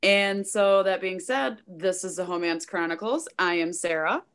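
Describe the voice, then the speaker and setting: A woman's voice: lowish voice, normal speed, a bit bright, clear, resonant tone. Woman co-host with short, dry interjections. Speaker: podcast co-host. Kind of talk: casual podcast chat.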